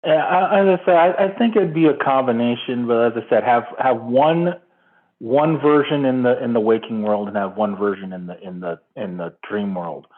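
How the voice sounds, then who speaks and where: A man's voice: medium pitch, moderate pace. A man calling in to a fan show, talking casually and rambling with many fillers. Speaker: caller. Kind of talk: casual phone-in chat. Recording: tinny phone line.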